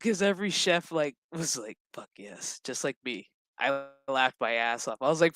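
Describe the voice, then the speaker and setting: Male reviewer, casual and profane, bright and clear-voiced. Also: medium pitch, expressive, normal speed, few pauses, no room sound. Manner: profane, chatty, laughs often. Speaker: show reviewer.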